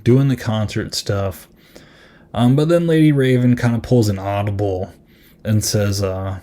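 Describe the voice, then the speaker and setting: A man with a fairly low, warm voice hosts a podcast, reviewing a film in loose, rambling conversation. He sounds amused and fills his speech with plenty of ums and likes.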